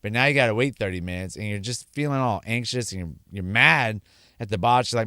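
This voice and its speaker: A man tells his personal testimony in a low, smooth voice. He is earnest and repeats key words for emphasis. The recording is dry, with no room sound. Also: a little fast, sharp tone, no room sound. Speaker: speaker sharing his sobriety story.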